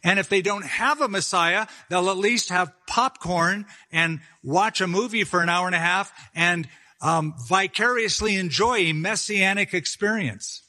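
A man's voice: sits high, a little slow, pushed and bright. An older man, a pastor, preaching an emphatic sermon with chatty asides.

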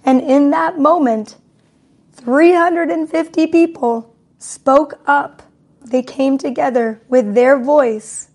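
A woman's voice: sits high, a little mellow. A woman giving an emotional spiritual talk, emphatic and repetitive, near tears. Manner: slow, emphatic, repetitive, tearful. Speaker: spiritual speaker.

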